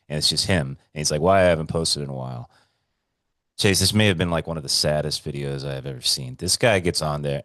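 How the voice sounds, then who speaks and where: A man co-hosting a podcast, telling stories in casual chat, animated and swearing freely. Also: extremely low pitch, no room sound, studio quality. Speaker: podcast co-host.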